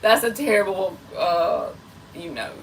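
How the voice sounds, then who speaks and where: A woman's voice: on the low side, unhurried, far from the mic, slight background noise, low-quality recording. A woman tarot reader chatting casually and rambling on a live stream, talking straight to her viewers. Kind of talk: casual livestream chat.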